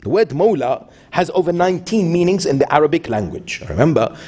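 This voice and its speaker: Husky-voiced man preaching a lively sermon. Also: on the high side, fairly quick. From Iran. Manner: storytelling with voiced quotes, rhetorical questions to the audience. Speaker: sheikh. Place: mosque hall.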